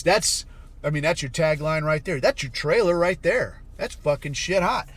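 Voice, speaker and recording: A man's voice: on the high side, a little slow, a bit bright. Blunt, foul-mouthed man ranting. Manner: profane, blunt, sarcastic. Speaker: podcast host. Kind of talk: casual commentary rant.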